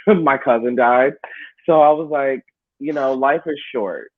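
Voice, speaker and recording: Guy chatting animated about wrestling, dull lo-fi stream sound, dry. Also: mid-range voice, unhurried, dry recording. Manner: animated, chatty, laughs while telling stories. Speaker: wrestler guest. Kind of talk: casual interview storytelling.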